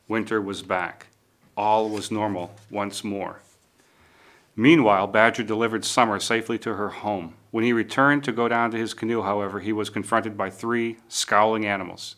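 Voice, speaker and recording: A man narrating a storybook tale in a measured, lively read-aloud manner. His voice sits low but has a bright, forceful edge.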